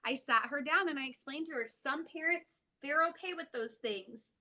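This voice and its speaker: A woman in her thirties talks about her kids in a casual podcast chat. Her voice sits high and sounds bright and forward. She tells stories in an animated way and chuckles mid-sentence. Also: moderate pace. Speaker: podcast guest, mother.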